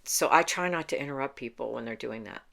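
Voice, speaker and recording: A woman meditation coach giving a calm, unhurried spoken lesson, explaining each step plainly and laughing lightly now and then. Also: very deep voice, vocal fry, background noise. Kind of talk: instructional talk to camera.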